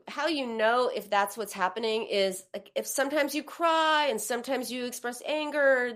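A middle-aged woman hosting a live advice conversation, talking in a reassuring way and acting out comforting words. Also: mid-range voice. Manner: warm, reassuring, acts out comforting quotes. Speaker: host and therapist.

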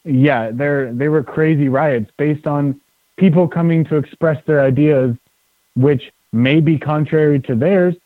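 A man's voice: a little high, a little slow, dry recording. A man in a casual podcast conversation, talking in an opinionated, conversational way. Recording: dry tinny phone-like sound.

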